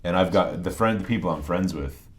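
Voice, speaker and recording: A man from New England, a podcast guest, telling his story in a relaxed way with frequent restarts and a softened New England Italian American accent. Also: low-pitched, brisk. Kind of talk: conversational interview.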